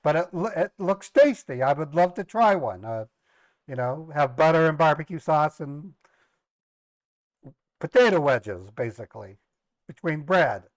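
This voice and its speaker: A man's voice: a little high, very animated, measured pace, long pauses, no echo. A middle-aged man casually telling family stories on a livestream, rambling, repeating words and laughing at his own jokes. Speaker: live streamer and scambaiter.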